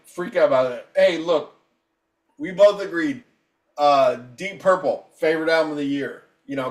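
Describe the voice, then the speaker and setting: Profane ranting man, high voice, echoey room. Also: distant mic. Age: 50s. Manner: profane, combative, heated ranting. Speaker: podcast co-host. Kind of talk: casual podcast rant.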